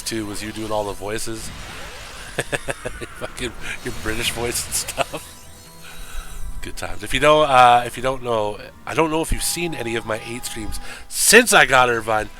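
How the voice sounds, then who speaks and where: A man's voice: mid-range voice, pushed and bright. Profane, joking male game streamer. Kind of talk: casual chat while streaming a game.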